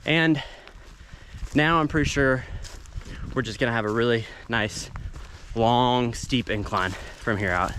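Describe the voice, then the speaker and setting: A man's voice: mid-range voice, fairly bright tone. A man from the American South, vlogging on a backpacking trip, out of breath and chatty, thinking aloud outdoors with a handheld camera. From Arkansas. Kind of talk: casual outdoor vlog narration. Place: outdoors by a waterfall in the woods. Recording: rushing water noise behind.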